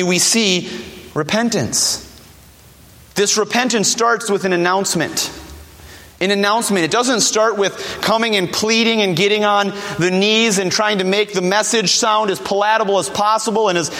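A man's voice: high-pitched, a bit bright, big-room sound. A man preaching a sermon, emphatic and repeating key words, dropping his voice to quote scripture.

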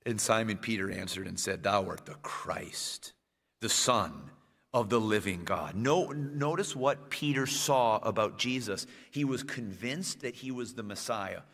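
A man delivering a sermon, pausing on slowed, stressed phrases and climbing into emphatic bursts. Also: lowish voice, fairly bright tone. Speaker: preacher. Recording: long reverb of a church hall.

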